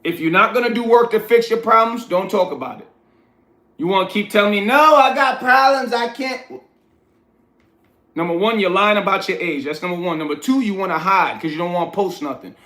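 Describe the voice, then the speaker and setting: A fast-talking man with a high-pitched, fairly bright voice hosts a casual livestream, reading the chat aloud and lecturing it bluntly. He's from New York, and his room echoes noticeably.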